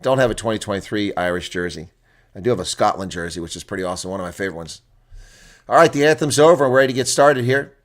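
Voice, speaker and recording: This rugby reaction host talks fast, his low-leaning voice full of lively intonation. He's chatty and blunt with viewers, reading out lineups live and exclaiming often.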